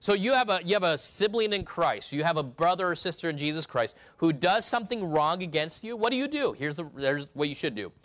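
A male pastor preaching a sermon, emphatic, swinging between loud and hushed delivery. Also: fairly high pitch, very animated, brisk, hardly any pauses.

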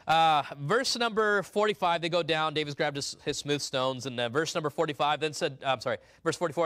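A man preaching a sermon, swinging from quiet, stumbling asides to loud, slow declarations, often repeating words. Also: a little high. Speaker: pastor.

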